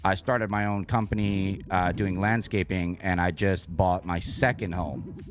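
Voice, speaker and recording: A man's voice: low-pitched, steady tone, unhurried, over music. A man voicing a stressed-out young man who complains anxiously, in a slightly raised, whiny tone. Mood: grateful.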